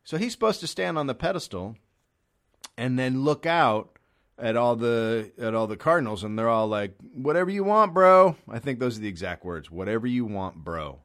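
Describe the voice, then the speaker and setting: A man's voice: fairly low pitch, moderate pace. A man from America doing a rambling, profane comedy monologue, sarcastic and acting out little voices. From United States.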